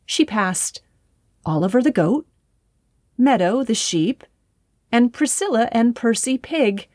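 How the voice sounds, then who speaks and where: A woman reads a children's story aloud, gentle and unhurried. Her pace is slow and soothing, and the recording is close and dry with no room sound. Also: medium pitch, no echo. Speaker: storybook narrator.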